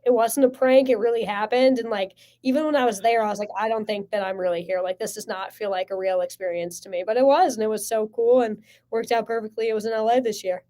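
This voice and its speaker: A woman in her twenties, a sports media guest, telling stories in casual podcast chat with lots of "like" and excited bursts. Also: a little high, fast, few pauses. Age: 20s. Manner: excited, heavy use of "like", lively storytelling.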